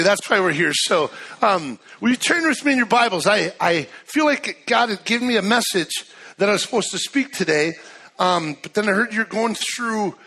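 A man in his fifties, a guest preacher in a church, telling stories in an excitable, chatty way with many restarts. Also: sits high. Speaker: guest speaker. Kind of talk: sermon with storytelling.

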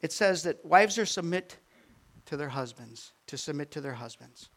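An older man preaching, his fairly high voice swinging from soft, rambling asides up to loud, emphatic peaks. He speaks as a pastor delivering a sermon. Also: moderate pace, creaky. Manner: animated, rising to near shouting at peaks, rambling asides.

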